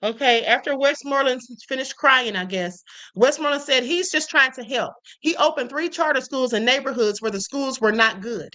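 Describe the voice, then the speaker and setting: A woman's voice: high voice, normal speed, hardly any pauses, bright, forceful tone. A woman hosting a live stream, giving emphatic commentary and talking straight to her chat. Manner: emphatic, addresses chat directly.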